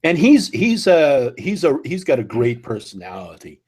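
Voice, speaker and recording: Casting: hombre estadounidense, voz algo áspera, tono burlón y relajado. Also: male voice, medium pitch, very animated, normal speed, a little mellow, breathy edge. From United States. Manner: teasing, laughs a lot. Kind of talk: casual chat.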